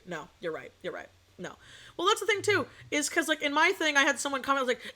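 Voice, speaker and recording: Bright-voiced ranting streamer woman. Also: high-pitched, fast talker. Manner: ranting, animated, swears casually, laughs between points. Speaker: VTuber streamer. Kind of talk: casual livestream chat.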